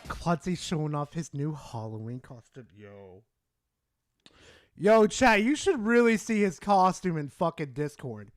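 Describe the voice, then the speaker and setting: A young man streaming live, excitable and swearing, swinging from loud shouts to low mumbles. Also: unhurried, no room sound. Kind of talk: casual live-stream chat.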